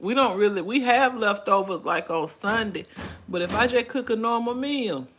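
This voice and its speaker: A woman's voice: mid-range voice, normal speed, a bit bright, a little hiss or hum. A woman in her forties hosting a casual livestream, reading viewer comments aloud and chatting in a folksy way with frequent laughter. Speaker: livestream host.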